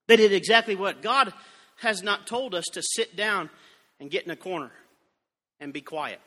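A man preaching a revival sermon in a church, moving from storytelling into shouted fervor. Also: high-pitched, moderate pace, pauses often. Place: church sanctuary. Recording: long church reverb.

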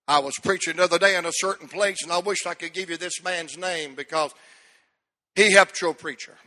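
High, bright-voiced preacher. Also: male voice, moderate pace, in a large hall. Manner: emphatic, repetitive preaching cadence. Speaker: pastor. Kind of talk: preaching a sermon.

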